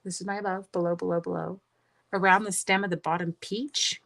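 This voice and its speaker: Middle-aged woman, crafting livestream host, chatty, mid pitch, talks to herself and viewers. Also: fairly quick, vocal fry. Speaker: card-making livestream host. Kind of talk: casual livestream crafting chat.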